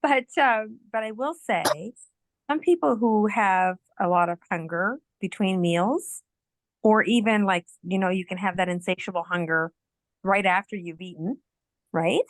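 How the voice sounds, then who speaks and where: A woman's voice: medium pitch, unhurried, no echo. A woman on a casual group call, explaining at length with many fillers and restarts. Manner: rambling, filler-heavy explaining. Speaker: participant on a product call.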